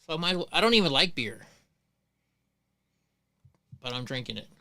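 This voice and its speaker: A middle-aged man hosts a casual livestream and tells long, profane stories, full of restarts and asides. His voice is bright and crisp, with a close, dry sound. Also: a little high, sing-song, moderate pace, no room sound. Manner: rambling, profane, many restarts. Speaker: livestream host.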